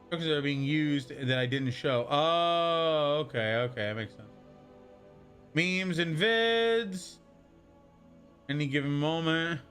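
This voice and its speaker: A young male streamer with a bright, slightly high voice, talking in a loose and rambling way as he reads his chat and answers it. Faint music plays under his voice. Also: slow, pauses often. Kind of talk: casual live-stream chat.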